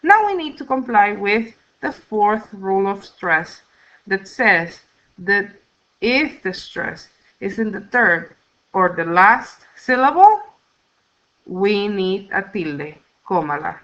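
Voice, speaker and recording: A woman teaching as a Spanish teacher in a recorded slide lecture, explaining slowly and carefully, counting out the steps. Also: mid-range voice, big pitch swings, fairly bright tone, dull audio.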